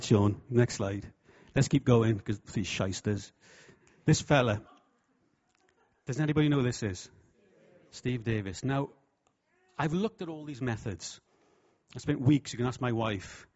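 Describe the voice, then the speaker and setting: A man preaching a sermon with humour, lively and jokey, slipping into voices for quotes. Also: mid-range voice. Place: church hall. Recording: dull, lo-fi sound.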